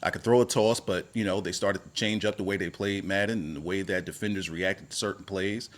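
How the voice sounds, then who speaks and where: A man's voice: low-pitched, fairly even intonation, fairly quick. Guy ranting about wrestling booking, rambly, repeats himself, voice jumps up when he gets worked up. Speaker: wrestling commentary YouTuber. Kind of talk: casual opinion commentary.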